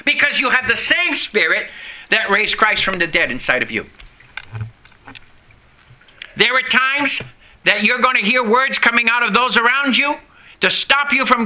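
A middle-aged man preaches with a high, very bright and ringing voice. He reads scripture and calls out to the congregation, pausing for effect and dropping low on key phrases. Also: expressive. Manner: preaching with call-and-response, dramatic pauses and drops in pitch. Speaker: pastor. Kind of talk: sermon.

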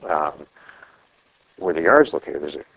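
Man with a very low voice, casual storyteller, rambling, muffled recording. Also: big pitch swings, moderate pace, a bit bright. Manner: rambling, with restarts and throat clearing. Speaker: speaker telling a personal story.

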